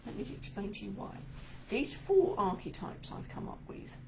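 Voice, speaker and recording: A woman's voice: mid-range voice, a little mellow, slight background noise, rough recording. A woman coaching speakers in a talk to camera, emphatic and encouraging, a little stuffy-nosed this morning.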